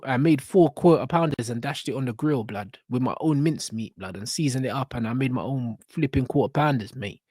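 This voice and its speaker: A man's voice: medium pitch, dry recording, studio quality. A young man, ranting bluntly with lots of slang and swearing as he reacts to a video. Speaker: reaction channel host.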